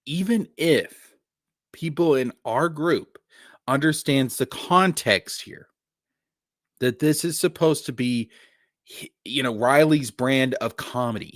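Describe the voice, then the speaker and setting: A man's voice: medium pitch, lively intonation, slow pace, long pauses, no echo, clean studio sound. Exasperated man commentating live. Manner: exasperated, profane, stumbling restarts. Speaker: streamer commenting on clips.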